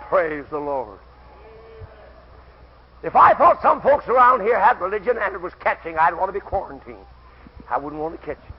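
A man preaching a fervent camp-meeting sermon who bursts into shouted exclamations. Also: sits high, lively intonation, normal speed, long pauses, heavy background noise. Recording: dull lo-fi old sermon recording.

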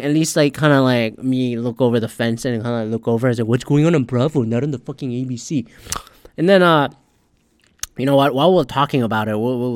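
A man's voice: medium pitch, no room sound, clean studio sound. A man ranting in casual, rambling commentary, sarcastic and swearing constantly as a podcast host. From Asian heritage.

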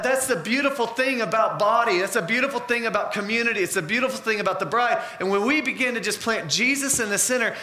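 Guy preaching a sermon, high bright voice, roomy echo, earnest and chatty. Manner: earnest, conversational, with personal stories.

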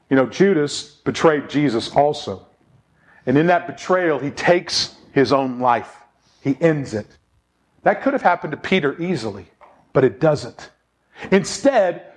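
A man preaching a sermon, telling a story with lots of rhetorical questions and emphatic repetition. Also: high-pitched. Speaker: pastor.

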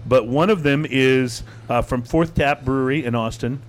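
A man's voice: medium pitch, a little hiss or hum. Ontspannen man die een podcast presenteert. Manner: relaxed, halting with fillers and restarts. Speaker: podcast host. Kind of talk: casual chat.

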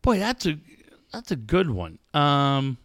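A man hosting a loose talk show, excitable and swearing as he reacts. His voice is bright and a bit high, with a lot of lift in the pitch, and it sounds dry and close. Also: slow, no room sound. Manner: swears freely, excitable exclamations. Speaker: host. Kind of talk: casual chat.

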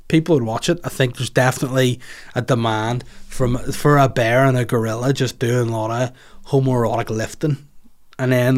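Crude rambling man. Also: medium pitch. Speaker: comedian answering listener questions. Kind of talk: casual podcast chat.

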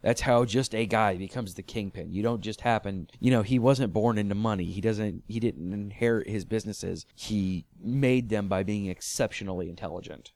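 A man's voice: fairly low pitch, moderate pace, hardly any pauses, a little mellow, no echo. A man co-hosting a casual TV recap podcast, laughing often and restarting sentences as he talks. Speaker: podcast co-host.

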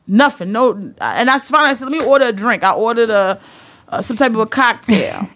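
A woman telling a comedic story in a profane, emphatic way, acting out her own yelling. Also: a little high, brisk. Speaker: storyteller on a talk show.

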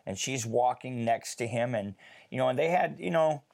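A man telling a personal story in a casual faith discussion, chatty and animated, with many fillers. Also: medium pitch, normal speed, gravelly.

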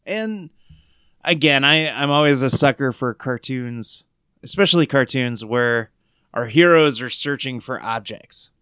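A man co-hosting a casual podcast, his voice smooth and clear at a middle pitch. He tells stories with a joking, animated manner. The sound is close and dry. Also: a little slow, no echo. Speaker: podcast co-host. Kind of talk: casual chat.

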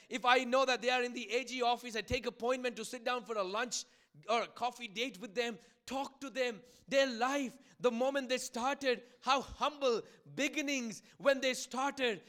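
High, bright-voiced preaching man. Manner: preaching with rising intensity and repetition. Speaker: pastor. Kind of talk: sermon.

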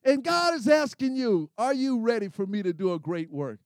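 A man preaching a sermon, calling for responses from the congregation and building to excited shouts. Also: very high voice, normal speed, dry recording, studio quality.

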